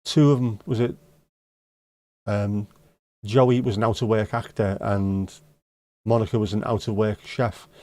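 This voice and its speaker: This middle-aged host runs a live stream full of teasing banter, poking fun at viewers while reading their comments. His warm, steady voice is on the low side, a little slow with long pauses, and there's no echo.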